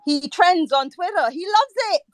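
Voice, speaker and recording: A woman's voice: extremely high pitch, lively intonation, normal speed, crowd noise. A woman in a casual chat, chiming in to agree and add her points. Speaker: panelist.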